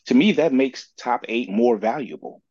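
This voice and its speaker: A man's voice: mid-range voice, lively intonation, normal speed, darkish tone, no room sound, highs cut off. A man co-hosting a casual podcast, making his points in loose talk studded with fillers. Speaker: podcast co-host.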